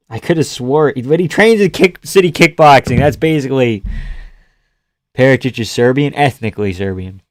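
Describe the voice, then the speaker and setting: A man streaming live fight reactions, chatting casually and swearing as he answers chat, breaking into loud yells at the big moments. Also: mid-range voice, moderate pace, dry recording, studio quality.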